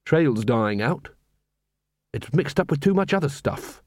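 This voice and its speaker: A male reader voicing a sharp young woman who is a werewolf in dog form, with indignant, quick retorts. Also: mid-range voice, big pitch swings, no echo, clean studio sound. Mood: questioning.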